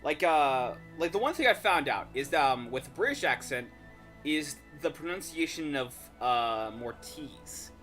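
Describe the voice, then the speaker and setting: A man's voice: fairly high pitch, animated, measured pace, fairly bright tone, soft background music. A man chatting casually on a gaming livestream, rambling and correcting himself as he goes. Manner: rambling, self-correcting, swears. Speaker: streamer.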